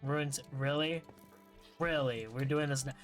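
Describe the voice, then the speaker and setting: A man's voice: mid-range voice, steady tone, a little slow, music in the background. A young man streaming a game, chatting casually, rambling and swearing often as he gets frustrated. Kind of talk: casual gaming livestream chat.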